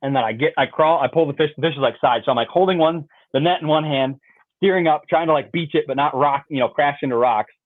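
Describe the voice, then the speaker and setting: A man, a podcast guest, telling a story in an animated, rambling way, filling with "like" and "you know" and mimicking sounds. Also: on the high side, fast, no room sound. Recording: tinny dry phone-like line.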